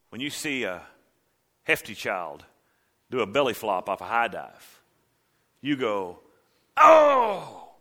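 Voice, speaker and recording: Bright dramatic male preacher. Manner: dramatic preaching, swings from low hushed lines to loud cries. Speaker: pastor. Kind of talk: sermon.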